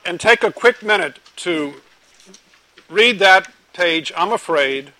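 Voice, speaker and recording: A man preaching a sermon to a live group, asking them questions and telling a lively joke. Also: high-pitched, slow, no echo, low-quality recording. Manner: animated storytelling, joke-telling.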